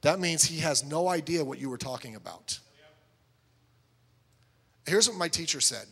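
A man's voice: fairly high pitch, animated, moderate pace, gravelly, long pauses, bright, forceful tone, slightly rough, long reverb tail. A middle-aged man preaching a sermon as a pastor, telling stories and acting out both sides of conversations.

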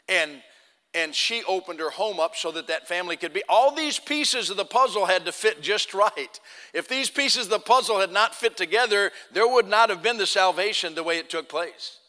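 Male pastor, sermon storytelling, slightly high voice, long reverb of a church hall. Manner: acts out quoted dialogue, swings from loud to hushed.

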